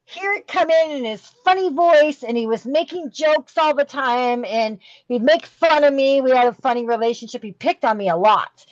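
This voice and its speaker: A woman's voice: sits high, moderate pace, hardly any pauses, dry recording, lo-fi sound. A middle-aged woman telling a candid, emotional story as a podcast guest, with many fillers and restarts. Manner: rambling, emotional, full of fillers.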